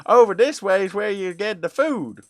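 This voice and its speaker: A man's voice: sits high, animated, normal speed, dry recording, studio quality, pitched above the performer's own voice. A man voicing an eager, sentimental male rookie beaver creature in a put-on Southern US drawl, hammy and folksy. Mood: overjoyed folksy.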